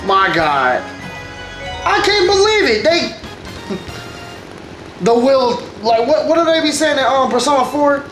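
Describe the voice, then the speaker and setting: A woman streamer giving casual, animated commentary over gameplay, talking straight to her viewers. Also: high voice, measured pace, pauses often. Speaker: gaming streamer. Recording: roomy echo with faint background music.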